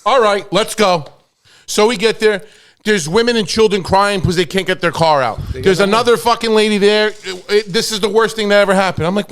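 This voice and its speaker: A man, co-hosting a podcast, telling a story in a casual, profane, animated way and acting out the quoted dialogue. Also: high voice, a little fast. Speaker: podcast co-host.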